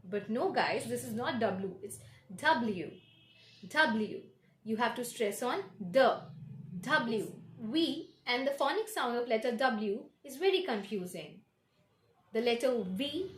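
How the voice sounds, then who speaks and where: A woman giving a pronunciation lesson, modeling each sound deliberately. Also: on the high side, roomy sound. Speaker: English pronunciation teacher.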